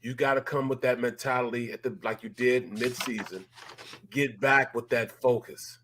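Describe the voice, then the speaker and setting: A man's voice: medium pitch, steady tone, moderate pace, background noise. A middle-aged man, a former football lineman, talking sports in a heated, emphatic way and repeating his points. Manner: fired up, emphatic, repeats himself. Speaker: former NFL lineman, guest analyst.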